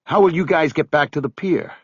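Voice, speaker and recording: A guilty, pleading middle-aged man with a whiny, strained tone, his voice pushed high and tight, as a male narrator puts him on. The audiobook recording is dry and a little muffled. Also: wildly swooping pitch, unhurried, fairly bright tone, slightly rough, dry recording, heavily acted.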